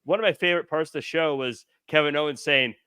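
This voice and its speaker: A man's voice: a little high, fast, sharp tone, clear, resonant tone, no room sound, clean studio sound. A man co-hosting a wrestling podcast, chatting casually and laughing easily. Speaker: podcast co-host. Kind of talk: casual chat.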